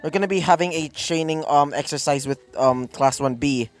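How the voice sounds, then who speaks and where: A brisk female class teacher, voiced by a man, matter-of-fact as she sends the class outside. The voice stays close to plain talk with a little lift, and faint music sits behind. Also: a little high, lightly acted. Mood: instructing.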